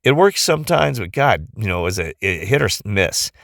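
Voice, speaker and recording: A man's voice: on the low side, sing-song, fairly quick, gravelly, a bit bright, no room sound, clean studio sound. A tired middle-aged man talking in a rambling casual monologue, often losing his thread and restarting, recorded on a phone. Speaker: vlogger.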